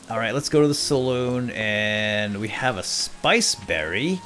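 A man doing casual commentary over a video game, with a voice that swings widely up and down in pitch. He gets excitable and talks straight to the characters on screen. Light music plays faintly behind him. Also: unhurried, few pauses. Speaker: let's play gamer.

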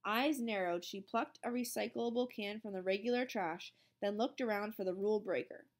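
A woman's voice: mid-range voice, moderate pace. A woman teacher reading a storybook aloud expressively, then explaining the lesson.

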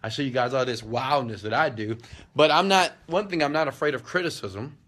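A man's voice: medium pitch, a little fast, a bit bright. A man hosting a casual live motivational talk, answering viewer questions in an emphatic, preachy way, firing off rhetorical questions and slangy asides. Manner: emphatic and preachy, often checks in with "okay?".

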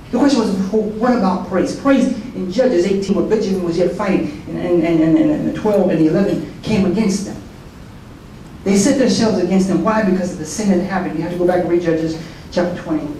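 A man's voice: high-pitched, warm tone. A man who is a soldier gives a colloquial, conversational testimony sermon at a prayer breakfast. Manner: colloquial and conversational, with repeated words and asides. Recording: very echoey hall, voice from far off, faint noise.

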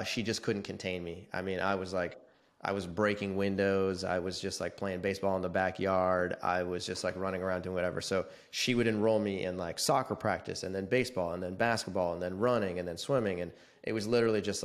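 A man in his forties, a podcast guest, telling his story in a casual, animated way and acting out the quoted dialogue. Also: sits low. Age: 40s.

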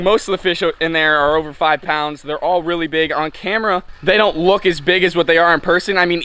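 A man hosting an aquarium fish vlog, hyped and casual, calling his viewers ladies and gentlemen and saying freaking a lot. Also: high-pitched, slight background noise. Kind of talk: excited hobby vlog.

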